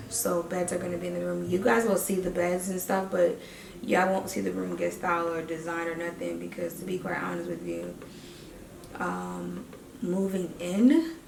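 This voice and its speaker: A woman's voice: fairly low pitch, vocal fry, a little mellow. A woman, rambling casually as a vlogger with lots of fillers. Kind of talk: casual vlog chat. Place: empty house during a move. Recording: roomy and distant, faint noise.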